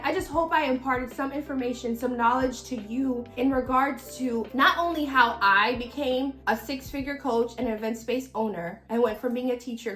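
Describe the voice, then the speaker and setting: A woman business coach, giving an energetic motivational talk and calling out to her viewers. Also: a little high, echoey room. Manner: energetic, preachy, calls out to audience.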